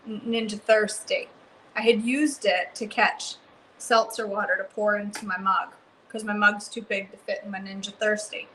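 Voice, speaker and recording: A woman hosting a live cooking stream from her home kitchen, chatting excitedly and answering viewers by name. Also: medium pitch, moderate pace, slight background noise, rough recording. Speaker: cooking livestream host. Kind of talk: casual live cooking chat, reading comments.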